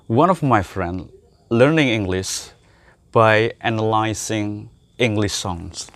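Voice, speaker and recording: A man's voice: lowish voice, slow, fairly bright tone, no room sound. Indonesian male host, Indonesian accent, casual chat, curious and encouraging. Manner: curious, encouraging with many backchannels. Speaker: host asking questions.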